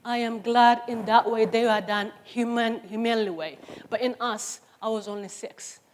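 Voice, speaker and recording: A middle-aged woman from Somalia speaks on stage in a fairly high voice. Her testimony is impassioned and emphatic, pressing each point home. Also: steady tone, normal speed, slight background noise. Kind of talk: personal testimony talk. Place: stage before an audience.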